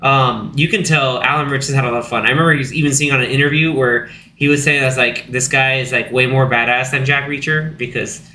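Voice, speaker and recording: A young man co-hosting a casual movie podcast, talking animatedly, acting out scenes in high silly voices, with plenty of fillers. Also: quick pace, few pauses. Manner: animated, acts out characters in high put-on voices, many fillers. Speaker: podcast co-host. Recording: echoey room with faint background noise.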